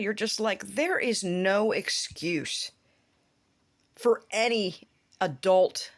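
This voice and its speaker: A woman vlogger in a casual commentary rant, rambling, swearing freely and sounding incredulous. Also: medium pitch.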